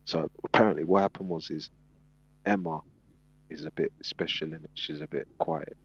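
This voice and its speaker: A man telling a story in casual chat, animated and acting out the people in it, on a dull lo-fi recording. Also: rumbling low, normal speed, gravelly, breathy edge. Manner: animated storyteller, acts out quotes. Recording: dull lo-fi sound.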